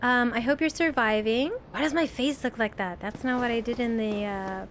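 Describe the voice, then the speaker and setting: A woman's voice: on the high side, moderate pace, a bit bright, slight background noise. A woman streaming a game live, panicking and laughing as she talks to her chat. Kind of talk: live gameplay commentary.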